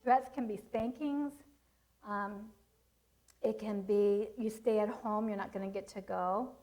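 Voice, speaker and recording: A woman's voice: medium pitch, steady tone, a little slow, dark tone, poor audio. A middle-aged woman giving a parenting seminar, telling stories and teaching in an earnest way. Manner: earnest, storytelling with acted quotes. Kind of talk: seminar talk with personal stories.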